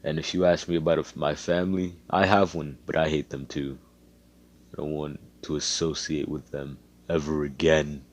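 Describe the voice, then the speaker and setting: A man's voice: extremely low pitch, level tone, normal speed. Izuku, a man voicing a bitter, withdrawn young man. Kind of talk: casual fan story narration.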